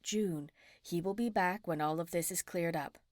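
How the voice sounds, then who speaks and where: A woman voicing a kind, motherly witch who speaks in a soothing, hushed way. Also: fairly low pitch, normal speed, no echo, studio quality, close to an everyday voice. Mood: comforting.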